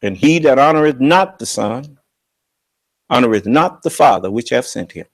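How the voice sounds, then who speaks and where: A man preaching on scripture with emphatic, confrontational delivery, slowing down to draw out quoted verses. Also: mid-range voice, animated. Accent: American. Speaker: religious leader and teacher.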